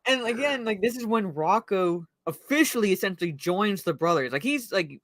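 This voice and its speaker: Co-host, casual film chat; bright, tense tone; rambles and restarts constantly, close dry mic. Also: medium pitch, animated, normal speed, no echo. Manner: rambling, heavy use of "like". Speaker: podcast co-host. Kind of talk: casual movie discussion chat.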